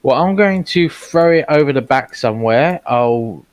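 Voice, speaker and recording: A man's voice: mid-range voice, expressive, normal speed, clear, resonant tone, dry recording. A man playing a tabletop role-playing game, thinking aloud and weighing his options with some hesitation. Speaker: player.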